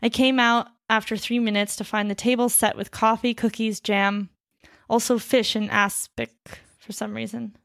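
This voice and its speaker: A woman reading a translated story aloud at a steady pace, breaking off now and then to chat casually. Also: on the high side, normal speed, gravelly, no echo, clean studio sound. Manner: reads steadily, then chats loosely with fillers and laughs. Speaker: reader of a story.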